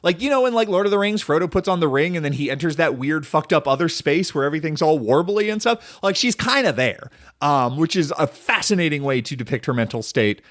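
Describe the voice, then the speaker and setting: A man's voice: on the high side, expressive, fairly quick, a bit bright, no room sound, studio quality. A man hosting a casual solo film podcast, rambling and enthusiastic, full of "like" and "um". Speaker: podcast host.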